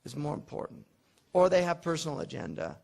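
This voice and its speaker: A man's voice: on the high side, big pitch swings, brisk, creaky, a little mellow. A man teaching a classroom lecture on classical logic, talking conversationally and explaining with everyday examples, often restarting his sentences. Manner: conversational and digressive, with frequent restarts and fillers.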